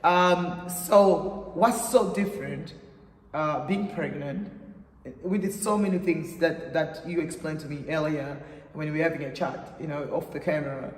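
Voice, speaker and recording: A man's voice: a little high, measured pace, distant mic. A man hosting a casual interview, rambling and repeating words, laughing often. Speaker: host. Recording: echoey room with long reverb, off-mic.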